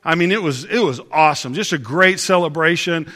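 Bright-voiced pastor preaching in a hall. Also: male voice, a little high, brisk. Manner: conversational storytelling with rhetorical questions. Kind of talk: sermon. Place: church service.

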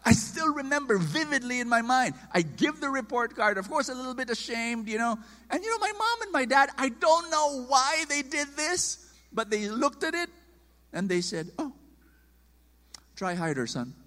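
A man preaching a sermon, emphatic and animated, acting out quoted voices. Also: very high voice, moderate pace, in a large hall.

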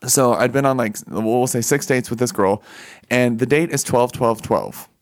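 A man telling a personal story in casual chat, animated, laughing often and full of fillers. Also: mid-range voice, moderate pace.

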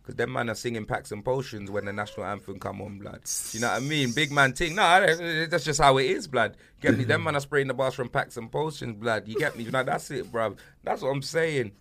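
Bright-voiced man bantering. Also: mid-range voice, brisk, creaky, few pauses. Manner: slang-heavy, jokey, laughs often. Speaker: podcast host. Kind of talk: casual football banter.

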